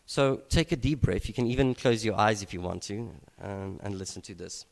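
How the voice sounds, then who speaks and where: A man preaching a sermon at an evening gathering, unhurried and reflective, with frequent hesitations and restarts. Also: fairly low pitch, darkish tone. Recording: long reverb of a large hall.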